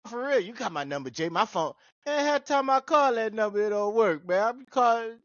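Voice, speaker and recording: A man hosting a podcast in casual chat, an animated storyteller who jumps into high-pitched voices when he quotes people. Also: fairly quick, no room sound, muffled recording. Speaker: podcast host.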